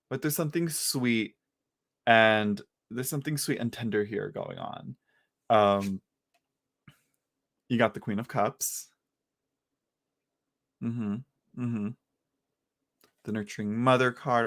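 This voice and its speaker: A man doing a live-stream tarot reading, talking at an ordinary middle pitch. He is chatty and loose and often trips over his words and starts again. It sounds like a relaxed talk from home. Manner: casual, chatty, halting with many restarts. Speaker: tarot reader.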